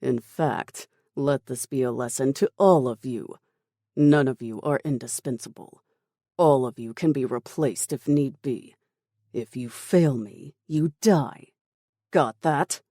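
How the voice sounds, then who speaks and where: Casting: narrator doing a cold, dismissive commander, slow and dark, menace kept quiet. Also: medium pitch, no echo, clean studio sound. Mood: menacing. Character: ruthless calm male military commander.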